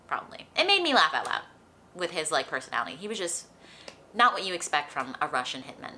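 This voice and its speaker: A woman's voice: on the low side, bright, forceful tone, slight background noise. A young woman who is feeling sick, chatting casually about books as a vlogger, full of "like" and light laughs. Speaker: book vlogger. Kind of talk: casual chat.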